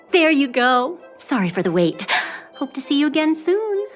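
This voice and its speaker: A polite, cheerful young flower seller in a video game. Her voice sits high and lilts brightly. Soft game music plays behind. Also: exaggerated voice. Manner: bright, service-friendly. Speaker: flower shop clerk in a game cutscene. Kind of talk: voice acting in a game cutscene.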